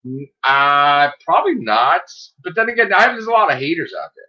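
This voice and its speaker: A self-published author, a man with a slightly high voice, chats casually on a livestream at a normal speed, and the audio is dull. He's an animated storyteller who swears and acts out what people said.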